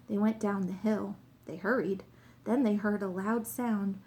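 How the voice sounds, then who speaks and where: A woman narrating a children's story, reading aloud in a plain, measured way. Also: mid-range voice, fairly even intonation, a little mellow.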